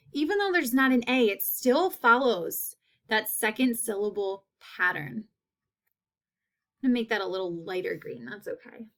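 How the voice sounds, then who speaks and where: A woman teacher giving a phonics lesson, repeating each word slowly and clearly. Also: fairly high pitch, fairly bright tone.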